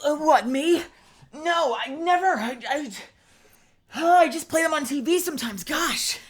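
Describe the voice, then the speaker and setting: Lady doing a flustered teen boy voice, hollow, stammers a lot, way higher than her own. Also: measured pace. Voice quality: hollow voice from top of mouth. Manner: stammering, defensive. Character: flustered nervous teenage boy.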